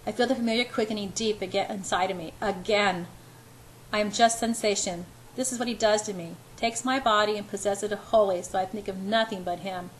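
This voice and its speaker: A woman's voice: medium pitch, fairly even intonation, a little fast, slight background noise, rough recording. A woman reading a romance novel aloud in an unpolished first-person voice. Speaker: amateur reader.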